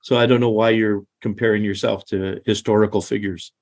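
A man's voice: fairly low pitch, little pitch movement, brisk, a little mellow. A middle-aged man co-hosting a casual Bible discussion, talking in a rambling, conversational way with restarts and asides. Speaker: Bible study co-host.

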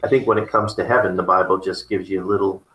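Man, lowish bright voice, casual rambling talk, echoey room. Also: steady tone, quick pace. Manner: rambling, repeats words, chuckles often. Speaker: theology discussion partner. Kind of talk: casual conversation.

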